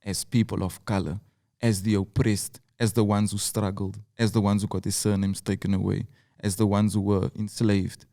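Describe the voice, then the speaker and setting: A man's voice: on the low side, little pitch movement, normal speed, vocal fry, dark tone. A rapper from South Africa with a Cape Town accent, telling his story in an interview, earnest and building his points through repeated phrases. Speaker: rapper guest. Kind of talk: reflective interview talk.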